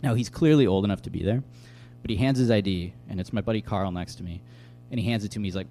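A young adult man giving a casual, conversational bible teaching, telling stories with lively asides. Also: fairly low pitch, quick pace, soft background music. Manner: conversational, animated storytelling with asides.

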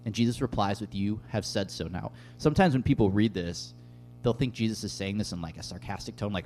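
Male pastor, easygoing sermon delivery, low and dark tone. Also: animated, quick pace, soft background music. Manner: conversational, casual, with many fillers. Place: room with tables and an audience.

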